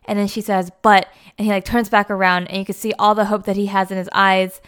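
A woman's voice: mid-range voice, little pitch movement, quick pace, fairly bright tone, smooth. A young woman talking casually through a movie review, chatty and full of fillers like "like" and "you know.".

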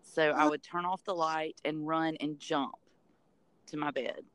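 A woman speaks with a smooth, clear tone in a close, dry recording. She tells her story in a relaxed, unfussy way, as a mother being interviewed at home for a small podcast. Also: low-pitched, a little slow, no room sound. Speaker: interview guest, host's mother. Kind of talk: casual interview answer.

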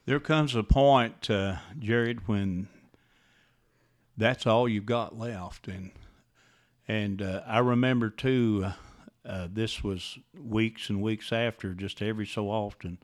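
Man, low-pitched voice, halting and devout, casual interview. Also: steady tone. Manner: halting, many "uh" pauses, devout. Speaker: interview guest, grieving father. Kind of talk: casual interview, recounting personal loss.

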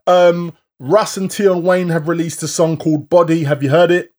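A man co-hosting a live-streamed podcast in casual chat, running through viewer shout-outs. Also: a little high, steady tone. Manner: chatty, reads out viewer shout-outs in a quick list. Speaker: podcast co-host.

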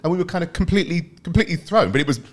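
A man's voice: on the high side, expressive. A British man from Britain, a guest on a podcast, telling long rambling stories in casual chat and laughing easily. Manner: rambling storyteller, quick to laugh. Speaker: guest, athletics fan.

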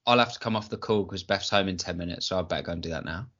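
This man calls into a podcast as a guest and chats in a cheerful, easily amused way. His voice is fairly low but bright. The recording sounds dull and a bit lo-fi. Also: very fast. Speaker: guest joining by call. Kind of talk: casual chat.

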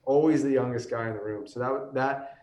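A man's voice: mid-range voice, steady tone, fairly quick, darkish tone, distant mic. A tired man in his thirties chats on a podcast, rambling and restarting his sentences as his voice wears thin. He sits a bit back from the mic in a roomy space that gives his voice an echo. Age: 30s. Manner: chatty, rambling with many restarts and fillers. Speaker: whiskey company guest. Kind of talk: casual podcast conversation.

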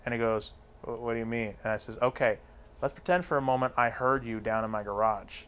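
A man spins a crude story in relaxed conversation, cursing freely. He slips into quick voiced quotes of the people in it. His pitch sits in an ordinary middle range. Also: clean tone. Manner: crude, profane, acts out other people's lines. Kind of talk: casual storytelling chat.

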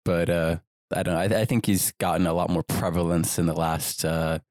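A man's voice: sits low, brisk, dry recording, studio quality. A man hosting a casual podcast, steadily moving it from segment to segment with small fillers. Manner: steady, moves the show along with fillers. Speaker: podcast host. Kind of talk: casual chat, leading segments.

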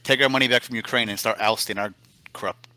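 A man's voice: lowish voice, fairly even intonation, quick pace, bright, forceful tone. A man co-hosting a podcast, casually dismissing politicians in a blunt, wry, cynical way. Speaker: podcast co-host.

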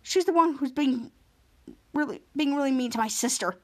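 A woman voicing a quick-witted teenage boy hero who talks in a brisk, matter-of-fact way. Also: high-pitched, lightly acted.

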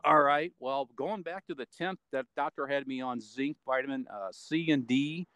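A man with a medium-pitched voice, pushed and bright, speaks at normal speed in a dry recording with no echo or room sound. As an interview guest he gives a casual, meandering account packed with fillers.

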